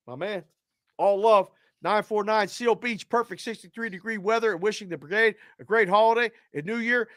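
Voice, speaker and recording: A man hosts a live show, running through viewer shout-outs in an upbeat, lively way. His voice sits high and sounds bright and forceful. The recording is dry and close, with no room echo. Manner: upbeat, shouts out names and area codes. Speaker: show host.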